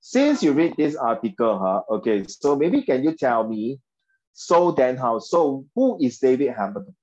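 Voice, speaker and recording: A man's voice: mid-range voice, sing-song, moderate pace, darkish tone, muffled recording. A man with a Singaporean English accent teaching an online English class in a chatty way. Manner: chatty, mixes in Mandarin, frequent okay and right. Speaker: English tutor.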